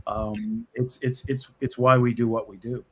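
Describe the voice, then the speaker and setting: Here a middle-aged screenwriter speaks at medium pitch, unhurried, with a breathy edge. Appearing as a guest in a conversational interview over video from his office, he tells stories animatedly, restarting sentences often and laughing frequently.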